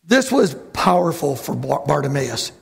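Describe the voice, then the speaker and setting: A man preaching a lively sermon to his church, who acts out the voices of bible figures and calls out to the congregation. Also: mid-range voice, normal speed, vocal fry, husky. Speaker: pastor.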